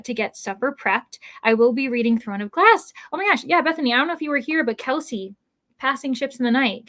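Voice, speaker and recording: A woman's voice: on the high side, sharp tone, dry recording. A woman hosting a live stream in a casual, chatty way, reading out viewer comments with bubbly exclamations. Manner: frequent fillers and self-restarts.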